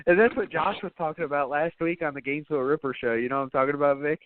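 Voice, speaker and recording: A man's voice: a little high, fast, no echo. Rambling, profane man on a tinny podcast line. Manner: loose, rambling, profane, with frequent fillers. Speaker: podcast host. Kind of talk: casual podcast movie chat.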